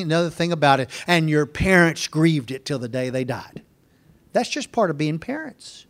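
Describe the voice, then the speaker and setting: A middle-aged man preaching a folksy sermon, acting out family conversations as he goes. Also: fairly high pitch. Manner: folksy, acts out family dialogue.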